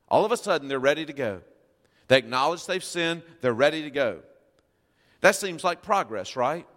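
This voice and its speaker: A man's voice: on the high side, lively intonation, moderate pace, a bit bright. Emphatic male pastor in a reverberant hall. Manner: emphatic, reads scripture aloud and asks the congregation questions. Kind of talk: sermon.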